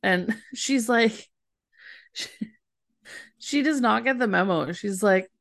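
A woman's voice: medium pitch, vocal fry, a bit bright, no echo, clean studio sound. Giggly young woman co-host. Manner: giggly, quick to agree. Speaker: podcast co-host. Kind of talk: casual chat recapping a TV episode.

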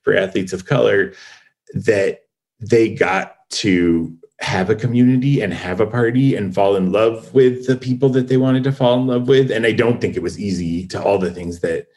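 A man's voice: lowish voice, moderate pace, a little mellow, poor audio. A man, a co-creator of a series, talking thoughtfully in a casual interview and often restarting his sentences.

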